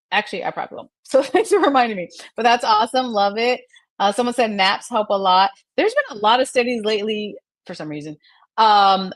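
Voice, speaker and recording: A woman's voice: mid-range voice, a bit bright, dry recording. A middle-aged woman hosting a live mental health segment, chatting through viewer comments in an encouraging way and laughing often. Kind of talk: live-stream chat answering viewer comments.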